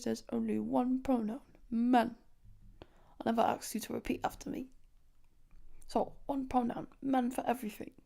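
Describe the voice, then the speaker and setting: A woman's voice: a little high, vocal fry, dark tone. A brash slang teacher, as a woman mimics him.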